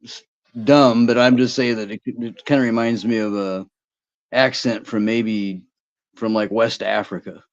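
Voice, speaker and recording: A man's voice: fairly low pitch, steady tone, muffled recording. A man co-hosting a casual chat, talking hesitantly and restarting his sentences. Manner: hesitant, halting speech.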